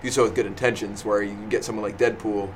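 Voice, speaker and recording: Low-voiced, hesitant podcast host man. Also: level tone, slight background noise. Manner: hesitant, halting, fills pauses with um and laughs. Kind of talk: casual podcast discussion. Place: small indoor room with a noisy fan.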